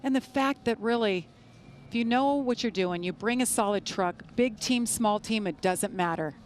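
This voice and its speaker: A woman calling a race broadcast in an upbeat, brisk way. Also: medium pitch, a little hiss or hum. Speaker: play-by-play announcer.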